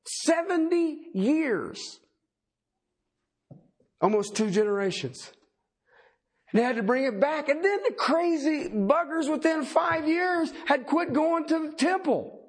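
A middle-aged man preaching a sermon in a folksy, animated way, with joking asides. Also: extremely high pitch, slow pace. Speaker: pastor.

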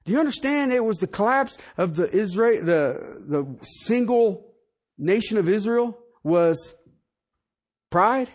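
Animated preaching pastor, high lively voice. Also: male voice, slow. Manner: preaching with rhetorical questions, swinging from loud to hushed; folksy, colloquial speech. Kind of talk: sermon.

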